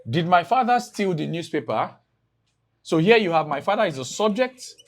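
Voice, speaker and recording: A man's voice: sits high, animated. A man teaching an exam-prep English lesson, stretching out example sentences and asking his class rhetorical questions. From Nigeria. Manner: drawn-out emphatic reading of example sentences.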